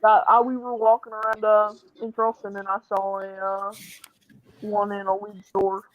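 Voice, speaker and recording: A woman's voice: mid-range voice, flat delivery, moderate pace. A woman joining a casual sports chat as a guest, talking hesitantly with plenty of fillers and reading out score updates. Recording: dry, tinny phone-like line.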